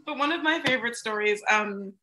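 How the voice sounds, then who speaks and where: A young woman, a stage actor, telling a funny backstage story on a video call, animated and laughing often. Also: on the high side, brisk. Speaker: stage actor, interview guest. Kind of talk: casual anecdote on a video call. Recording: echoey room.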